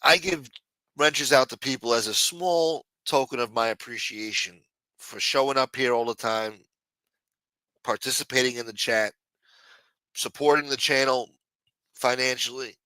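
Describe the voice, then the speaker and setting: A man's voice: mid-range voice, unhurried, pauses often, pushed and bright, clean tone, dry recording. A man hosting a late-night livestream, chatting loosely and profanely while answering viewers in the chat. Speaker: livestream host.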